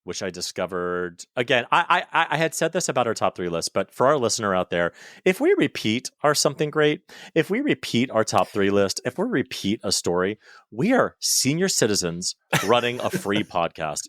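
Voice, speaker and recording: A man co-hosting a podcast in casual chat, animated and exclaiming, swearing freely. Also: lowish voice, no room sound, studio quality. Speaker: podcast co-host.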